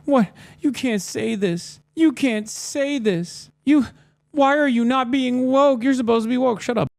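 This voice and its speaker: A man voicing a shrill, angry young male online fan in a whiny, indignant mocking tone. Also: unhurried, vocal fry, no room sound, clean studio sound, full character voice. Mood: whiny outrage.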